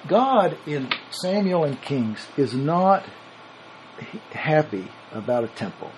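A man preaches in an easy, conversational style, his voice set somewhat high and swinging widely in pitch. He reasons aloud, often starting a phrase over before pressing his point. A faint hum of ambience sits behind him. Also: big pitch swings, takes it slowly, darkish tone, poor audio. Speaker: Bible teacher. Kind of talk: sermon.

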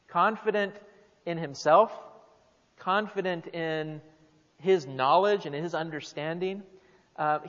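A man preaching a sermon, emphatic and often repeating words as he stresses a point. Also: a little high. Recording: dull, reverberant hall.

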